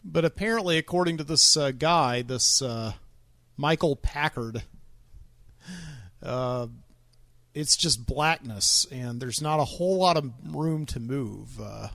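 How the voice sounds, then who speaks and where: A man's voice: mid-range voice, slow, creaky, fairly bright tone, no echo. A man hosting his own podcast in a casual solo monologue, rambling and wry, with many ums and uhs. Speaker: podcast host.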